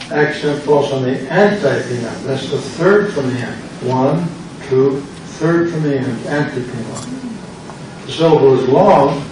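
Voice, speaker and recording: An older man, a pastor, slowly and patiently explaining grammar in a classroom lecture. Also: mid-range voice. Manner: slow, patient explaining with repetition. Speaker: pastor teaching a Greek class. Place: church classroom. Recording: echoey classroom from far off with background noise.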